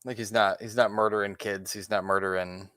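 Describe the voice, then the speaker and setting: A man's voice: lowish voice, level tone, a little fast, fairly bright tone, dry recording, clean studio sound. A man hosting a podcast, chatting animatedly about a film and swearing casually as he talks. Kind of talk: casual movie review chat.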